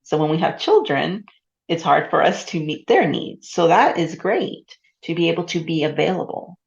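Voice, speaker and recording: Low, gravelly-voiced woman host. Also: very animated, normal speed, highs cut off. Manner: reflective, with frequent affirming murmurs. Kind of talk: casual interview chat.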